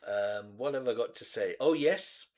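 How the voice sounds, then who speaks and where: A man in his seventies runs a music reaction channel, reminiscing slowly and hesitantly with lots of pauses and restarts. His voice is medium-pitched and a little mellow.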